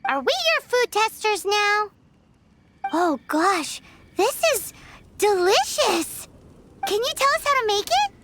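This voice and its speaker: Paimon, a squeaky little creature. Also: female voice, sing-song, takes it slowly, pauses often, fairly bright tone, exaggerated voice. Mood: playful. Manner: refers to herself by name, squeaky and indignant. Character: tiny floating female companion creature, chirpy and food-loving. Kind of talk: game cutscene voice acting. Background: game music.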